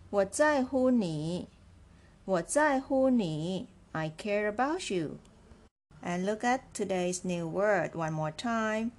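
A woman with runs a beginner lesson. She speaks very slowly and patiently, repeating each phrase three times before giving the meaning. Her voice sits at a mid pitch. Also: darkish tone. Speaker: Chinese language teacher. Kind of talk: slow, clear language lesson.

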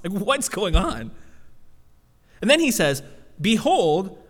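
A man preaching a sermon as pastor, in a conversational, animated way full of casual fillers. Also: sits high, big-room sound.

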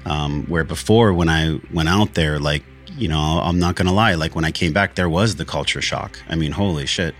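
A man's voice: a bass voice, normal speed, few pauses, soft background music. A man hosting a podcast, talking earnestly and candidly about a spiritual journey, with frequent swearing. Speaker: podcast host. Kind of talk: candid reflective monologue.

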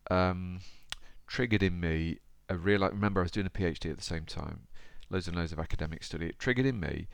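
A man talking straight to his podcast listener in a chatty, easygoing way. His voice sits very low and is rough with fry. The sound is dry and close. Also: no room sound. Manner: chatty, conversational, addresses the listener directly. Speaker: podcast host. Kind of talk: motivational podcast talk with storybook reading.

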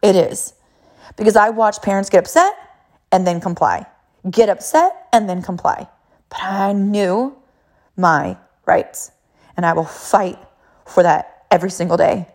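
A woman's voice: medium pitch, lively intonation, unhurried, long pauses, darkish tone. A middle-aged woman, a mother, telling a personal story in an emphatic, repetitive way.

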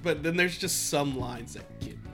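A man co-hosting a podcast in casual chat, animated and laughing often as he quotes lines. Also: fairly high pitch, normal speed, faint music behind. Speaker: podcast co-host.

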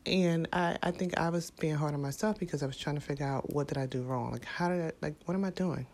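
A woman, a mother, speaking to camera in a casual, heartfelt way, reflective and halting, with many fillers and restarts. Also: low voice, darkish tone. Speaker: parent vlogger.

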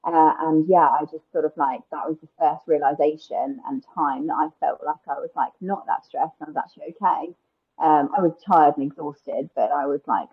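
A woman's voice: deep voice, fairly even intonation, a little fast, husky, narrow, tinny audio. A woman, a guest on a casual podcast interview, chatting openly with many "like" and "um" fillers. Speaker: guest, wedding planner.

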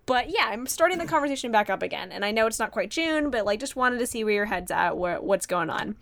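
A young woman podcast host telling a story in casual chat, animated and full of fillers, acting out her own excited reactions. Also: medium pitch, clear, resonant tone, dry recording. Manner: animated, quotes herself in excited voices, many fillers.

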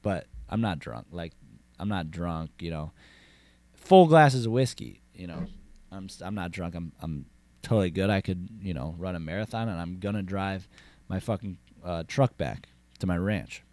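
A man voicing a boastful cowboy rancher who swears and rambles in a low Southern drawl. His tough-guy bravado keeps looping back to the same lines in a deadpan comic monologue. The voice is recorded dry, with no room sound. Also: normal speed, no echo. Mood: brooding. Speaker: comedy character host.

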